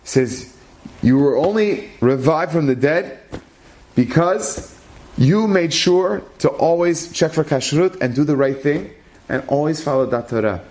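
A man telling a religious story aloud, acting out what the people in it say and lifting his voice at the tense turns. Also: unhurried. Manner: animated, rises in pitch at dramatic moments; acts out characters' lines in his own voice.

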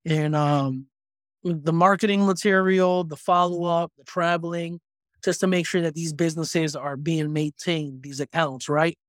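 A man in his thirties talks through his story as a podcast guest, animated and casual, pausing on plenty of ums. His voice sits a bit high for a man. The sound is dry and close, with no room around it. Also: no room sound. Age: 30s.

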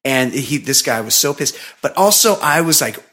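A man's voice: mid-range voice, lively intonation, moderate pace, sharp tone. A man co-hosting a podcast, telling a long story in casual, profane, rambling chat full of fillers. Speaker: podcast co-host.

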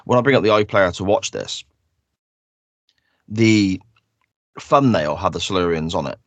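A low-voiced man talking casually on a podcast, recapping the story with tag questions and fillers. The sound is dry and close, with no room around it. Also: animated, a little slow, dry recording. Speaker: podcast co-host. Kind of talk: casual chat.

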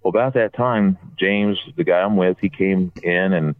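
A man telling a long, rambling story in casual chat, getting animated whenever he quotes other people. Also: deep voice, moderate pace. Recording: tinny phone line.

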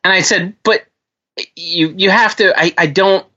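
Unhurried and high-voiced, this male podcast co-host swears his way through lively stories in a casual conversation, doing the voices of everyone in them. The audio is dull.

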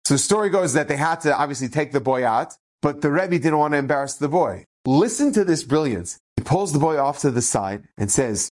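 Animated male rabbi telling stories. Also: on the high side, brisk, few pauses. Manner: animated, acts out quoted speech. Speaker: rabbi, inspirational speaker. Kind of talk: storytelling Torah talk.

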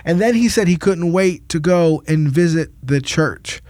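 Animated pastor telling a story, dry close mic. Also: male voice, fairly high pitch, a little slow, no echo. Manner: animated preaching storyteller, acts out quotes. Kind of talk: casual podcast storytelling.

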